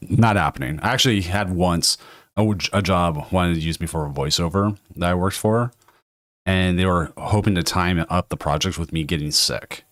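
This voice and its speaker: Hoarse low-voiced man hosting a stream. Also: moderate pace, a bit bright, no echo, clean studio sound. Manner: rambling, self-interrupting, laughs often. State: hoarse from a cold. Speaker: tournament stream host. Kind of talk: casual livestream hosting.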